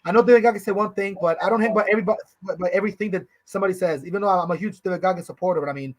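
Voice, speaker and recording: A man in his thirties rattles along at a very fast clip in a rather high voice. He co-hosts a podcast in loose, slangy chat, and he keeps dropping "bro" and "you know" as he rambles on. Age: 30s. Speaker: podcast co-host.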